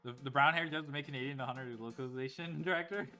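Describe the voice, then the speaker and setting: A man's voice: medium pitch, fast talker. A man giving casual, joking livestream commentary while speedrunning, laughing often. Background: loud game music.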